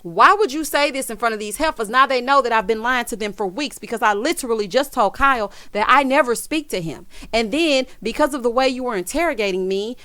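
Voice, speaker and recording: A woman's voice: fairly high pitch, fairly quick, hardly any pauses, sharp tone, dry recording. A woman giving a gossipy recap of a reality TV episode, sassy and dramatic, calling viewers "honey" and "child". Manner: dramatic, teasing emphasis.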